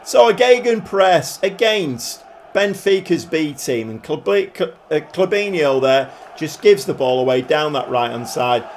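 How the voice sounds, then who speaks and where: Commentating on his football management game, this gaming YouTuber chats casually with dry humour, shifting from glum grumbles to excited cheers. His voice is a little high and unhurried, and there's slight background noise.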